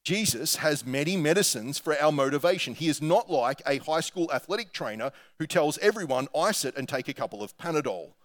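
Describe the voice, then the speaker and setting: An Australian man delivers a sermon in a slightly raised pitch. He speaks earnestly but conversationally, like a pastor talking things through with his congregation. When he reads quotations aloud, he keeps the same sincere, measured tone. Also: expressive.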